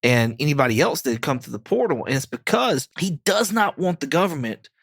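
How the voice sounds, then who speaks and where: A man's voice: on the high side, lively intonation, fairly quick, gravelly, a bit bright, breathy edge, dry recording, studio quality. A man co-hosting a podcast, casually recapping a TV episode in a rambling way, with frequent "like" and laughter. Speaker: podcast co-host. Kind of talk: casual chat reviewing a TV episode.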